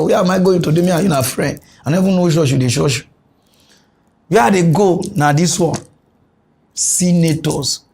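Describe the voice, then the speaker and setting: A man's voice: sits high, a little hiss or hum. A young man with a Nigerian Pidgin accent hosting a comic mock news show, ranting with frequent chuckles. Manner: animated ranting, chuckles often.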